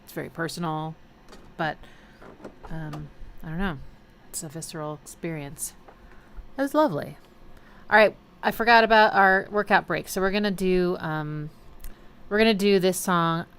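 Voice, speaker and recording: A woman's voice: fairly low pitch, normal speed, long pauses, fairly bright tone, slight background noise. A woman hosting a music listening stream, musing casually about songs with many fillers. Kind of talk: casual reaction commentary.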